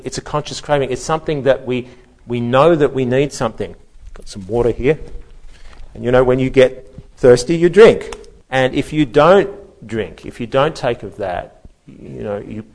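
A man's voice: medium pitch, darkish tone. Emphatic male preacher, voice rising and falling. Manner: emphatic, swelling and dropping in volume, repeats words when restarting. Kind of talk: expository sermon.

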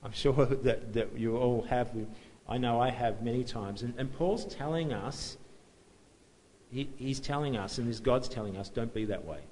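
A man's voice: medium pitch, moderate pace, a little mellow, a little hiss or hum, rough recording. A man preaching a sermon in a conversational, self-deprecating way, often restarting and chuckling at himself.

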